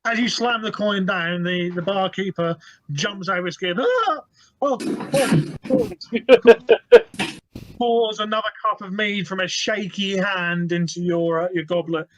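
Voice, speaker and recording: A man's voice: high-pitched, fairly even intonation, normal speed, bright, forceful tone, rough recording. A man narrating a tabletop role-playing game as game master, in an easygoing, descriptive way with fillers.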